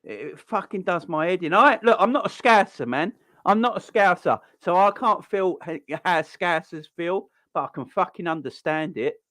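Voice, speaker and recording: A man's voice: sits high, lively intonation, normal speed, fairly bright tone, no room sound. A man in his forties from South London, with a South London accent, hosting a football fan channel and delivering an angry, sweary rant with frequent repeats and restarts. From South London, England. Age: 40s. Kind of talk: heated fan rant to camera.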